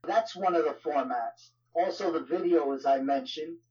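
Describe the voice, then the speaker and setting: New York-accented man, higher voice, lo-fi audio. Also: normal speed. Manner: conversational, frequent "you know" fillers. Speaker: guest, ministry leader. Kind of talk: casual interview talk.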